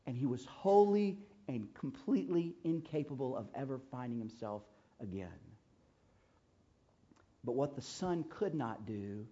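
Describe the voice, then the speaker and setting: A man preaching a sermon, telling a story with emphasis and swinging from loud to hushed. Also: mid-range voice, breathy edge, highs cut off.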